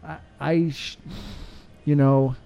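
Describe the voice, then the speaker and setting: Texan man, guest firefighter; earnest, animated storyteller, mellow tone, slightly raised pitch, lo-fi recording. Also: slow pace, creaky, a little hiss or hum. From United States. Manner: earnest, laughs often, animated retelling. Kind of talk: casual interview chat.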